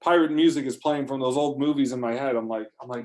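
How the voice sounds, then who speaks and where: A man telling an improvised first-person adventure story in a rambling, excitable way, full of fillers and restarts. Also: medium pitch, fast talker, few pauses.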